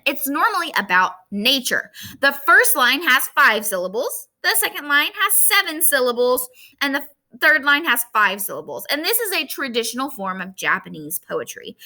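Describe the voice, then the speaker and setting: Bright, lively woman teaching a lesson. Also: high voice. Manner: lively, emphatic, talks straight to students. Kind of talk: recorded classroom lesson.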